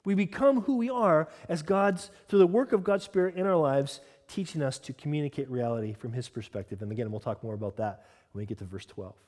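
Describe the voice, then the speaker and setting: A man's voice: a little high, brisk, darkish tone. A man preaching a sermon as a pastor, moving between earnest teaching and casual conversational asides. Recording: long hall reverb.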